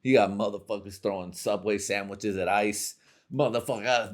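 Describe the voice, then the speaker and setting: Profane, rambling man with a low voice. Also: steady tone, normal speed. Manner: profane, rambling, laughs at his own jokes. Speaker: comedy podcast host. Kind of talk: crude comedic monologue.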